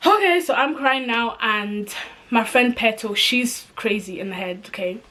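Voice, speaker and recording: A young woman vlogger retelling a personal story in a slangy, animated way, acting out the dialogue. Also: fairly high pitch, normal speed.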